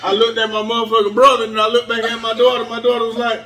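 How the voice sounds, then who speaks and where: A man co-hosting a casual podcast with a Southern US accent, telling an animated story. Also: very high-pitched, fast, few pauses. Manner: animated storyteller, lively quoting. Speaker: podcast co-host. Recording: roomy, mic a bit far off.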